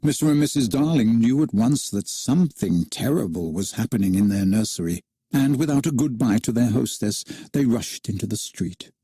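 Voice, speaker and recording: A man narrating a children's storybook aloud in an expressive, animated reading style. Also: mid-range voice, normal speed, husky, dry recording, clean studio sound.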